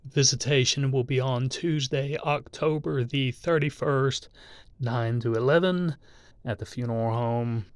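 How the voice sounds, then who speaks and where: A middle-aged man from southeast Texas, reading his mother's obituary to his viewers in a halting voice, with many pauses and restarts. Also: mid-range voice, darkish tone, no echo. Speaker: channel host.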